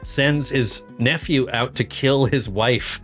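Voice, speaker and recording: A man's voice: mid-range voice, slow pace, a bit bright, faint music behind. A man as a podcast guest, giving a wry, blunt take on a film and swearing casually.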